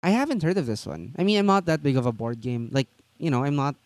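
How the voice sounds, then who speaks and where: A man's voice: fairly high pitch, lively intonation, quick pace, a little mellow, no echo. A man co-hosting a tabletop gaming news stream, chatting casually and rambling with lots of fillers and restarts.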